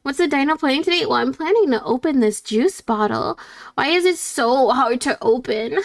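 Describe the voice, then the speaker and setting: A woman's voice: high-pitched, animated, normal speed, vocal fry. A woman VTuber streamer chatting casually and reading her chat aloud in a bubbly, playful way.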